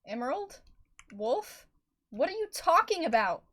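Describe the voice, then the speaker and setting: A woman voicing a young, defiant female barn cat in a roleplay, loud in dialogue and soft in narration. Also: fairly high pitch, very animated, measured pace, breathy edge, heavily acted. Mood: upset. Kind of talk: voice-acted roleplay.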